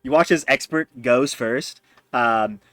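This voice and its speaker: A man narrating as game master, pausing often with fillers. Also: mid-range voice, a bit bright, dry recording. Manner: hesitant, many fillers.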